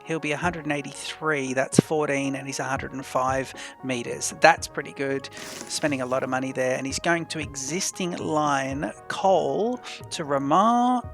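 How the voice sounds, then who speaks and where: A man hosting a let's play, thinking aloud in a chatty, unhurried way as he plans his moves. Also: mid-range voice, steady tone, gravelly, fairly bright tone, soft background music. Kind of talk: casual gameplay commentary.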